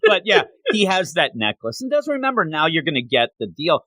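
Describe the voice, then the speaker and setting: Animated man chatting about manga. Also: fairly high pitch, dry recording. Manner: animated, retells scenes with quick asides and laughs. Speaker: podcast co-host reviewing manga. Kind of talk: casual chat.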